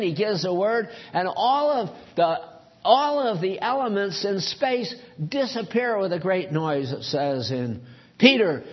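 A man's voice: high-pitched, lo-fi sound. A man preaching a sermon earnestly, pressing his points with rhetorical questions.

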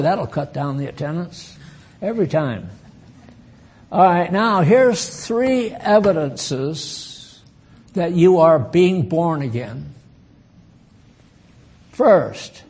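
A man's voice: on the high side, a little mellow. An older man preaches in a slightly raised voice, taking his time. He jokes with the people in front of him, asks them questions and chuckles at his own remarks. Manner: folksy, bantering with the congregation, chuckling asides. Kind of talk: sermon.

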